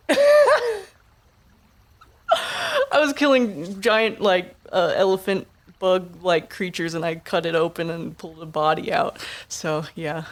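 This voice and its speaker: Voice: mid-range voice, very animated, slow, long pauses. A player in a tabletop game chatting casually and laughing often. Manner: laid-back, laughing.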